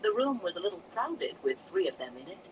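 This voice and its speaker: A narrator telling a fantasy story aloud in a steady storytelling manner. The pitch moves a lot from phrase to phrase. A steady vehicle hum and noise sit under the reading. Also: fairly quick. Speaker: audiobook narrator.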